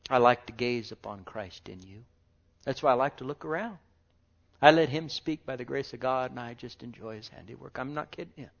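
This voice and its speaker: A man preaching a sermon with fervor, dropping to hushed murmurs and rising to loud exclamations, full of rhetorical questions. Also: mid-range voice, a little fast, vocal fry. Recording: dull lo-fi recording.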